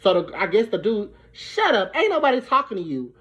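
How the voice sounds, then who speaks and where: A young woman from Brooklyn, telling a profane, animated storytime. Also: mid-range voice, brisk. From Brooklyn, New York. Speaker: vlogger. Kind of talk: storytime vlog. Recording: dull lo-fi recording.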